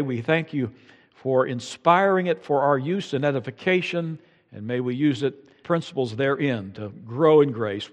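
A man pastor preaching a sermon in a church, telling stories with conversational asides. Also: medium pitch. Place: church sanctuary with long reverb. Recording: reverberant church hall.

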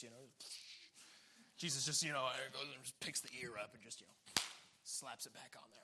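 A man's voice: medium pitch, fast, pauses often, slight background noise. A man preaching a sermon, laughing often and acting out the people in the story. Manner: animated, laughing often, acting out quoted voices. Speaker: pastor.

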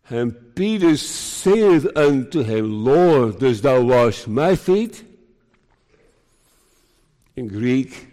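A man preaching a sermon in a slow, emphatic way, raising his pitch to stress his points. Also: warm tone. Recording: long hall reverb.

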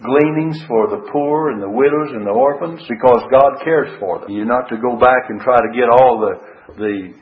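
Male preacher, mid-pitched, earnest, rhetorical, a bit halting; dull radio-broadcast sound. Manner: earnest, rhetorical questions, frequent uh fillers. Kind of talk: verse-by-verse Bible sermon.

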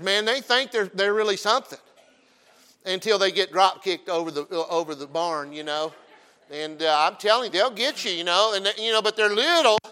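With a smooth, high-sitting voice, a middle-aged pastor delivers a folksy, funny sermon. He goes from loud emphasis to quiet asides where he tells stories.

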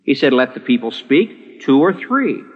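A male pastor preaching a sermon, emphatic, lifting his voice to stress points and then dropping low. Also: very animated, normal speed, breathy edge. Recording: dull lo-fi recording with long hall reverb.

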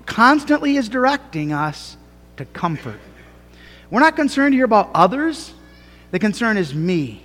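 A man preaching a sermon as a pastor, earnest and emphatic, with slow, deliberate phrasing that rises to fervent cries. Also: high-pitched. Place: church sanctuary. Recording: long reverb of a church hall.

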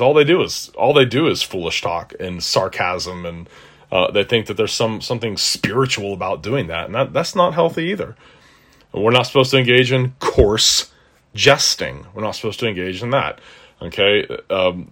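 A man's voice: on the low side, fairly bright tone. Earnest conversational male preacher. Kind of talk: expository sermon.

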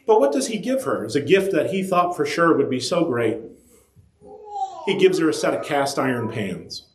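A man delivering a sermon in a slightly high, very lively voice. He acts out quoted voices and lets his pitch leap for emphasis. The room around him rings with echo. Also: a little hiss or hum. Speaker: preacher. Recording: echoey room.

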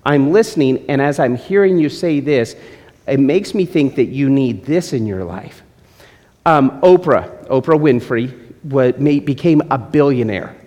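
A man's voice: mid-range voice, expressive, measured pace, a little mellow. Joking male pastor in reverberant hall. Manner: joking, teasing the congregation. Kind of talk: sermon.

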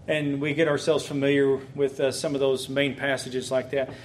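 A man, a pastor, giving a teaching talk on preaching in a lively, conversational way, with bursts of excitement. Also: medium pitch, normal speed, a little hiss or hum.

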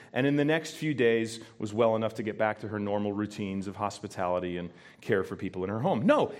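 A male pastor preaching in church, his voice climbing on key words to drive the point home. He talks straight to the congregation with questions, in an animated, emphatic delivery. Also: mid-range voice. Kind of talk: sermon.

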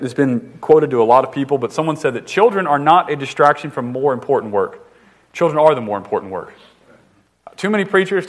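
A man in his thirties from the northern US, a pastor preaching a conversational, jokey sermon with frequent restarts. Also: mid-range voice. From northern United States.

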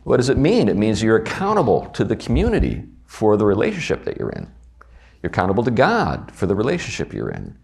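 A man's voice: medium pitch, vocal fry, a little mellow, breathy edge. A man with a Southern US accent teaching a church class on a confession of faith in a conversational way, asking his students questions. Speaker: Bible study teacher.

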